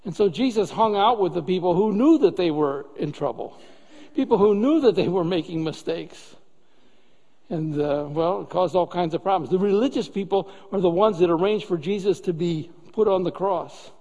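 A man's voice: sits high, normal speed, warm tone, big-room sound. A man preaching a sermon as a pastor, talking in an easy, conversational way and often asking rhetorical questions.

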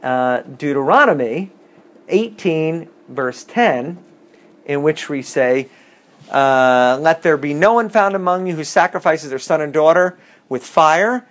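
A man leading a bible study, reading verses and explaining them with lively questions to the class. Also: fairly high pitch. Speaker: bible teacher.

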